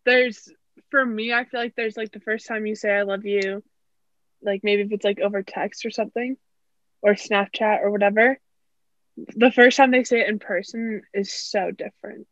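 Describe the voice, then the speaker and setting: A woman's voice: medium pitch, normal speed, no room sound. A young woman co-hosting a podcast, telling stories in casual chat, chatty and full of fillers. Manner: chatty, many fillers, animated storytelling. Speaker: podcast co-host. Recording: dull lo-fi dry sound.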